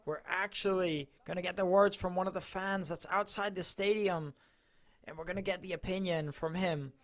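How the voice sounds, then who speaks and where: A man's voice: high-pitched, fairly even intonation, normal speed, fairly bright tone. A man reporting for a club channel, giving chatty, enthusiastic live match coverage.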